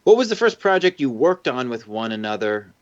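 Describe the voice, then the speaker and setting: Casual male streamer, lively storyteller, lo-fi mic. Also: mid-range voice, a little fast. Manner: animated storyteller, swears casually. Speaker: show host. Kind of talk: casual livestream chat. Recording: dull lo-fi stream audio.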